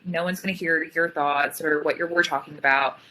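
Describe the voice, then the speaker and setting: Chatty young woman, lower pitch. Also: fairly even intonation, bright, forceful tone, a little hiss or hum, low-quality recording. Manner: chatty, fillers of "like", quick retelling. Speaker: guest sharing her story. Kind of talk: casual storytelling.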